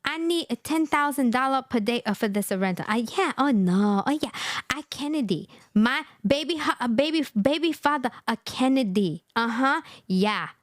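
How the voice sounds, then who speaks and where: A woman's voice: very high voice, lively intonation, quick pace, hardly any pauses, bright, forceful tone, exaggerated voice. A woman voicing a greedy, demanding woman who barks clipped demands in broken English. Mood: scheming.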